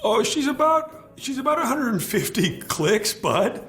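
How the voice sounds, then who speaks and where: A man's voice: very high voice, big pitch swings, a little slow, a bit bright. A man presenting a comedic slang explainer video, jokey and playing up folksy expressions. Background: music.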